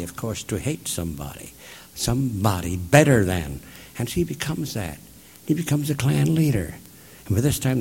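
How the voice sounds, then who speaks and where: A man telling a story in an animated way, slipping into the voices of the people in it. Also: fairly low pitch, slightly rough, big-room sound. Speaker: speaker retelling a story. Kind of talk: spoken storytelling talk.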